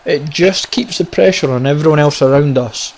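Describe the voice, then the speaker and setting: A man gives casual commentary over his own football video game, talking straight to his viewers. He is excitable and chatty, calling them guys and lads as the match goes on. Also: fairly high pitch, moderate pace, poor audio. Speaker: gaming YouTuber. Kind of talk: casual live gameplay commentary.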